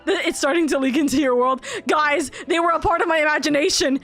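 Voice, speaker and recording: Woman streamer, high pitch, excitable, foul-mouthed, soft game music behind. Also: moderate pace. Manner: excitable, profane, laughs often. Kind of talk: casual live-stream chatter.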